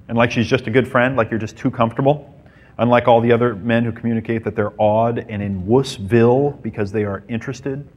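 A man's voice: mid-range voice, fairly even intonation, a little fast, darkish tone. A man giving a playful dating-advice talk to a live group, acting out little scenes as he goes. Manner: playful, mimics women and acts out scenes. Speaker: dating coach.

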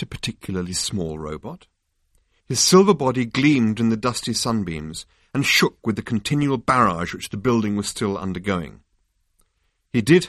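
A man reads a book chapter aloud in a measured, dryly expressive voice. His pitch is fairly low. The recording is dry and close, with no room sound. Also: no echo. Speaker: audiobook narrator. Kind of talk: scripted narration.

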